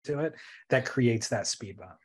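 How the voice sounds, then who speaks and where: Man, podcast co-host, casual chat, measured, thoughtful, mid pitch. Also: animated, breathy edge. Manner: measured, thoughtful, stumbles over pronunciation.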